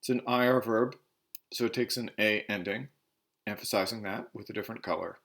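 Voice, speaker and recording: Recording a slide lesson, a Spanish teacher with a low-ish, fairly bright male voice talks fairly quickly. He switches between Spanish and English while covering verb endings and spelling stems out letter by letter.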